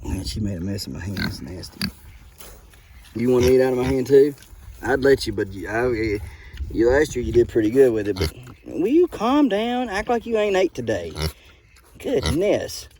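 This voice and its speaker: A man's voice: medium pitch, big pitch swings, normal speed, darkish tone. A man who keeps pigs on a homestead, chatting in a playful, teasing way to his animals outdoors. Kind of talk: casual vlog chat. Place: outdoor pig pen on a farm.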